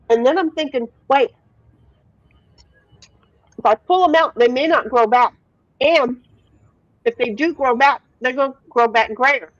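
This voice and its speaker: A woman's voice: on the high side, no echo, muffled recording. A woman hosting a casual livestream, reading viewer comments aloud and chatting freely with occasional swearing. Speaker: livestream host.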